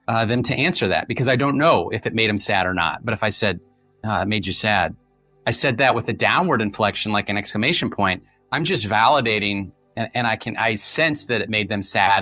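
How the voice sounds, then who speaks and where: A middle-aged man, a former polygraph examiner turned author, appears as a guest on a conversational podcast. His low, bright voice carries a forceful edge as he explains things in long anecdotal stretches, often restarting sentences. The audio is dry and close with no echo, and faint music plays underneath.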